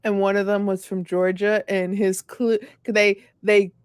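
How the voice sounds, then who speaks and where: Chatty young woman from south florida, mid pitch, laughs a lot, very dry sound. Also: flat delivery, measured pace, smooth, no echo. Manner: chatty storyteller who laughs often. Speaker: podcast co-host. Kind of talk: casual chat. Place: home in Miami.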